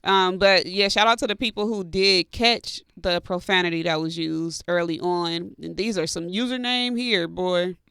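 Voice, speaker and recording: A woman co-hosting a radio podcast in casual chat, playful and quick to laugh. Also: fairly low pitch, fairly even intonation, a bit bright, clean tone, no echo, clean studio sound. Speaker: co-host.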